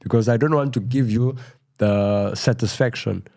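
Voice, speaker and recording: With a medium-pitched voice, vocal fry and a moderate pace, a middle-aged South African podcast guest shares his story casually. His telling wanders, is peppered with "you know," and grows quieter whenever things get tense.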